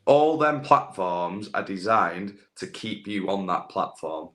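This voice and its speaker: A man's voice: sits low, expressive, slow pace, fairly bright tone. A young man chatting casually as a podcast guest, rambling with lots of fillers and restarts. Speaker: guest, landscaping business owner with a social media following. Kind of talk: casual chat.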